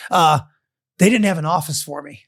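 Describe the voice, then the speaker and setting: A man's voice: fairly high pitch, normal speed, gravelly, slightly rough. An older man in casual podcast talk, telling stories animatedly and acting out what people said. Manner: animated storyteller who acts out quotes. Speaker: guest. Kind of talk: storytelling podcast chat.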